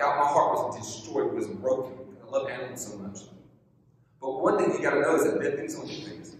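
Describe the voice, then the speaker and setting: A man giving a storytelling youth sermon, animated and joking, repeating his key lines. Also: mid-range voice. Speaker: youth pastor. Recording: echoey hall from far off.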